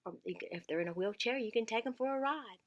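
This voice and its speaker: A woman's voice: on the high side, lively intonation, fast, lo-fi sound. A middle-aged woman, giving earnest caregiving tips in a casual vlog and repeating words for emphasis.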